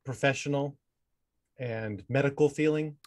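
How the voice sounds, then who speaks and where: A man, a mentalist and hypnotist, talking as a guest in a casual chat from a low-ceilinged room at home, measured and thoughtful. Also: darkish tone.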